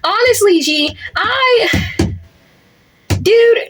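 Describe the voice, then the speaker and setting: A woman's voice: very high voice, lively intonation, very slow, noisy background. A young woman delivering a rambling, exasperated comedic rant to the camera, full of filler words. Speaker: content creator. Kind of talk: comedic POV rant monologue.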